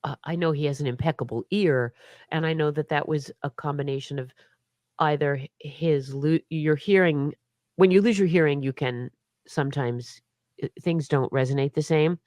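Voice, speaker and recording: A woman's voice: low voice, darkish tone, no echo, studio quality. A middle-aged woman chatting as an interview guest, talkative and laughing, with many restarts and hiccups. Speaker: guest performer. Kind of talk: casual interview chat.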